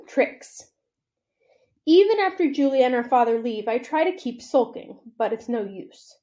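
A woman reading a children's novel aloud for a library, with expressive, steady storytelling. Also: a little high, unhurried.

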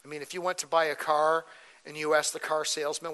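A man's voice: fairly high pitch, flat delivery, fast talker, bright, forceful tone, clear, resonant tone, long reverb tail. A man preaching a verse-by-verse sermon as pastor, conversational, often checking in with "okay?" and "right?". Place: church sanctuary.

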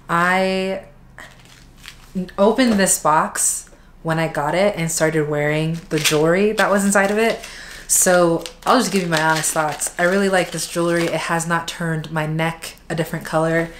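A woman with a notably low, deep voice chatting her way through an unboxing. She talks in a relaxed, candid way and drops in plenty of "like" fillers as she goes. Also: a little hiss or hum. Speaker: unboxing vlogger. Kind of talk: casual chat.

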